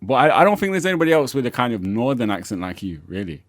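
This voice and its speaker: A man hosting a casual interview, relaxed and easygoing, filling his talk with "like" and short "yeah" replies. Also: mid-range voice, fast talker, no room sound, clean studio sound. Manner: relaxed, lots of "like" and "yeah" backchannels. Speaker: podcast host.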